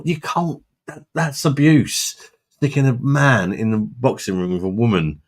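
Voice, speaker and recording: A man hosting a casual live stream, chatting with viewers in a blunt, sweary way and laughing often. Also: medium pitch. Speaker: livestream host reading chat.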